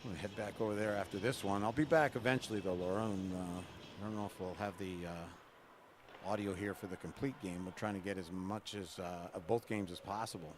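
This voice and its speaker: A man doing relaxed, chatty live play-by-play of a college women's hockey game at a rink. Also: low-pitched, brisk, noisy background. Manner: relaxed, chatty, jokes with the camera person between plays. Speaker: play-by-play announcer.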